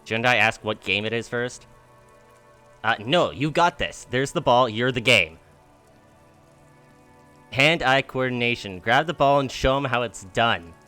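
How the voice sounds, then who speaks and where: Man, streamer, casual chat, jokey, bright voice, middle pitch. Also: lively intonation, measured pace, long pauses, clear, resonant tone, faint music behind. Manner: jokey, laughs easily, wry. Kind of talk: casual live-stream chat, reading game text aloud.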